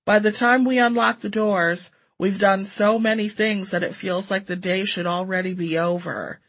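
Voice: medium pitch, fairly even intonation, normal speed, fairly bright tone, no echo, low-quality recording. A narrator reading a personal essay aloud with a dry, sardonic manner.

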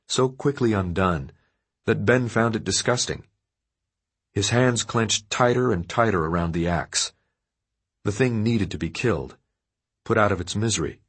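Husky, low-voiced male narrator. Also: expressive, moderate pace. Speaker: audiobook narrator. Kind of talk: scripted narration of dark fiction.

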